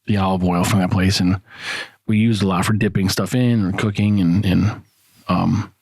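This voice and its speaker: A man's voice: low-pitched, steady tone, moderate pace, a little mellow, husky, no echo. A middle-aged American man co-hosting a podcast in loose, swear-heavy casual chat. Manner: loose, swears a lot, laughs often. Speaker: podcast co-host.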